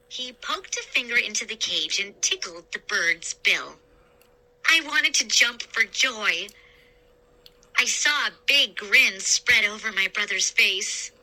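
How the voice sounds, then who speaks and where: Slow, bright-voiced woman storyteller. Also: fairly high pitch, low-quality recording. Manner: slow, expressive narration. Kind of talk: scary story read-aloud.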